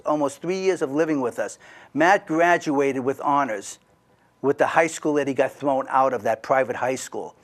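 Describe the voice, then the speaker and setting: A man's voice: mid-range voice, normal speed. Rambling middle-aged man telling a story. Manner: rambling, restarts, asides to the listener, quoting others. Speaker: podcast guest telling a personal story. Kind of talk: casual storytelling.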